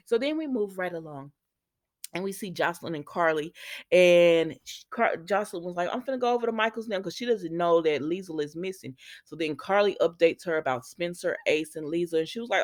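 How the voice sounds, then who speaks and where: A woman's voice: on the low side, moderate pace, no room sound, clean studio sound. A woman, recapping a soap opera casually and tossing sassy asides to her viewers.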